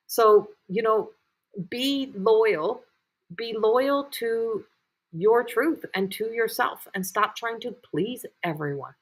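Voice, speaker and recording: A woman with a voice on the high side speaks at a slow pace while hosting a live-streamed psychic reading. She offers intuitive readings in a rambling, repetitive way, with many fillers and restarts.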